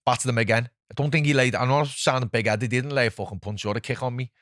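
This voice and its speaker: A man, a podcast host telling a fight story in a casual, heavily sweary, animated way. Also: mid-range voice, fast talker, no echo, studio quality. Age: 40s. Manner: swears constantly, animated retelling with quoted voices.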